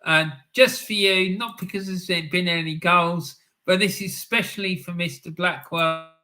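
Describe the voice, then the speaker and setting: Slow, chatty bloke hosting a stream. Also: male voice, high-pitched, fairly even intonation, bright, forceful tone. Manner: chatty, laughs often, lots of ums and "mate". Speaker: live-stream host. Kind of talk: casual live-stream chat reading comments.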